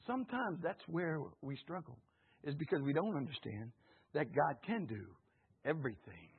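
A man preaching a sermon with call-and-response, his voice swelling to shouts on key lines. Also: fairly high pitch, sing-song, moderate pace, breathy edge. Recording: tinny phone-like recording.

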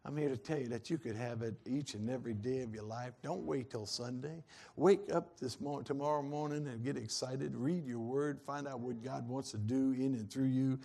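A man's voice: medium pitch, moderate pace, vocal fry, dark tone. A man preaching a sermon in a folksy, earnest way that swells into fervent peaks.

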